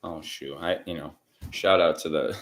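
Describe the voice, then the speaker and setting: A man hosting a casual psychic reading livestream from home, rambling and chatty and often clearing his throat. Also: a bass voice, steady tone, moderate pace. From Michigan. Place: indoors at home.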